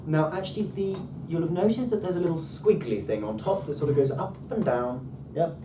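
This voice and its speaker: A man teaching a casual language lesson with enthusiasm, often pausing on ums and restarting his sentences. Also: fairly high pitch, animated. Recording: roomy, distant mic, faint background noise.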